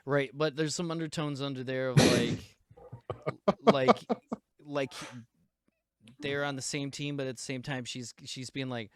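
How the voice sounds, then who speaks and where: A man's voice: mid-range voice, steady tone, normal speed. A man hosting a podcast, rambling casually with lots of fillers and laughs. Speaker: podcast host. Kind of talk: casual chat.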